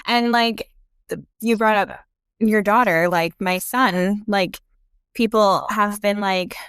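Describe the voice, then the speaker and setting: A woman's voice: mid-range voice, slow pace, a bit bright, clear, resonant tone, no echo, studio quality. A young adult woman, a podcast guest, talking frankly about grief and laughing easily. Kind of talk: casual conversation about grief.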